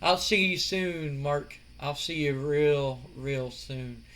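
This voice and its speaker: A man putting on the voice of a menacing, seductive male wrestler, speaking slowly and in a drawn-out, purring way. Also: a little high, a bit bright. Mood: creepy seductive. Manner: slow, drawn-out, purring delivery.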